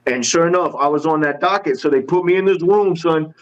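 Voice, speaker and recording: A man tells his story in lively street slang, jumping into voices for everyone he quotes. His voice sits a touch high for a man. The recording sounds muffled and lo-fi. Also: a little fast. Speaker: guest. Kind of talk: animated storytelling. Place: podcast studio.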